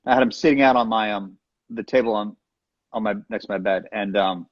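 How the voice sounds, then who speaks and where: Man, fast talker, husky, playful guest chat, dull lo-fi call audio. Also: lowish voice. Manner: playful, joking, quick asides. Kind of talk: casual chat.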